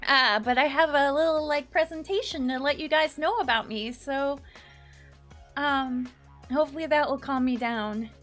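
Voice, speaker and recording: Faint music plays behind a VTuber streamer whose high, slightly bright voice moves at normal speed. Nervous and casual, she giggles and greets her viewers by name during the live chat.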